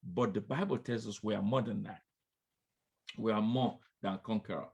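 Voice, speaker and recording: A man's voice: lowish voice, moderate pace, gravelly, darkish tone, breathy edge, muffled recording. A man preaching a sermon, speaking straight to his listeners as friends, repeating refrains and urging them on. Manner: emphatic, repeats refrains, calls out "come on, somebody"; addresses listeners directly as friends.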